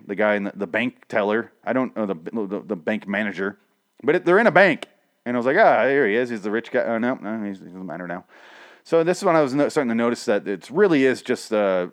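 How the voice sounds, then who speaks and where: A man hosting a casual recap who rants, swears constantly and talks in an animated way. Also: fairly low pitch. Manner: profane, ranting, animated.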